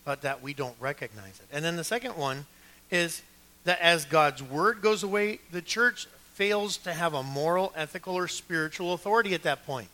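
A man's voice: fairly high pitch, moderate pace, pushed and bright. A man preaching a sermon as pastor of a church, building emphasis through repeated phrases and asking listeners to take notes.

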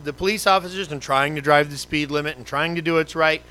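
A man preaching a conversational sermon as pastor, animated and full of rhetorical questions. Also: a little high, fast, hardly any pauses, poor audio.

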